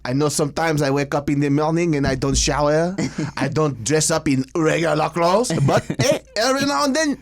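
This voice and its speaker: A man's voice: fairly high pitch, expressive, normal speed, few pauses, no room sound. A man co-hosting a podcast, laughing often, swearing and telling stories in casual banter. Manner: laughing, profane, storytelling. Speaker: podcast co-host.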